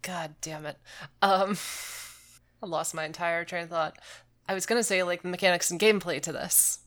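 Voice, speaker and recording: Sarcastic woman with a low, bright voice. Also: steady tone, moderate pace. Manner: sarcastic, swears casually. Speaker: podcast co-host. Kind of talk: casual gaming podcast chat.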